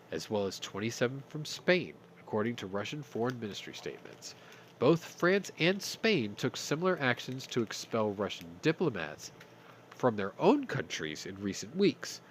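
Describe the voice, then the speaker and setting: A man with a mid-range, stuffy-nosed voice, congested from his sinuses, hosts a casual news roundup over slight background noise. He reads the stories and follows them with sarcastic jokes, swearing as he goes.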